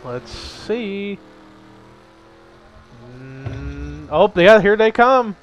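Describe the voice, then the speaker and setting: Young man, sim-racing play-by-play, slightly higher voice, steady and tentative. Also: very slow, rough recording. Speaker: play-by-play commentator. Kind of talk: amateur sim-racing commentary.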